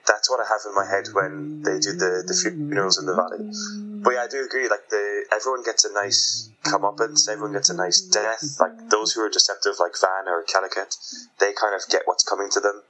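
A man's voice: lowish voice, a little fast, a crowd in the background, low-quality recording. A man co-hosting a podcast, casually reviewing a book and rambling as he acts out lines from it. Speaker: podcast co-host.

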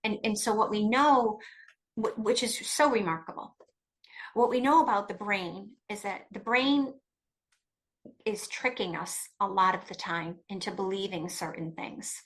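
Speaking a little slowly in a medium-pitched, slightly bright voice, a middle-aged woman appears as a guest expert on coercive control. She talks emphatically and with animation in a conversational interview, frequently starting her sentences over.

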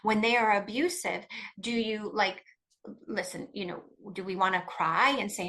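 A middle-aged woman, a guest expert on coercive control, speaks in a mid-range, slightly bright voice at a little fast pace. In this conversational interview she's emphatic and animated, often restarting her sentences.

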